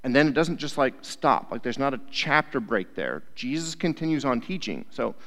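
Chatty youth pastor in a reverberant hall. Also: male voice, mid-range voice, animated, moderate pace, fairly bright tone. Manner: conversational, keeps checking in with "right?". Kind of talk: casual sermon.

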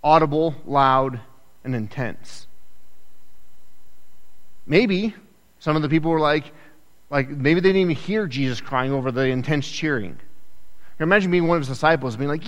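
A man preaching a sermon in a conversational, animated way, acting out the people in the story with quick asides. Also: on the high side. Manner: animated, acts out quoted voices, conversational asides. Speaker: pastor. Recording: echoey hall with long reverb.

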